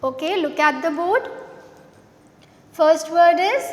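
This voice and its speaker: A woman's voice: extremely high pitch, expressive, slow pace, pauses often, fairly bright tone. A woman teacher revising a lesson with young children, spelling words letter by letter and asking simple questions. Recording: echoey room with long reverb.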